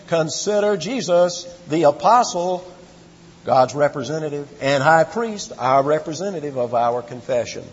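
A man's voice: fairly high pitch, a little mellow, breathy edge. A man teaching a Bible study in a conversational, emphatic way, quizzing his listeners and reading scripture aloud. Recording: muffled echoey hall recording.

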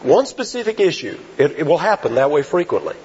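A man preaching a sermon, asking rhetorical questions and stressing key phrases slowly. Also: fairly high pitch, huge pitch swings, darkish tone, slight background noise. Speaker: pastor. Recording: dull lo-fi sound.

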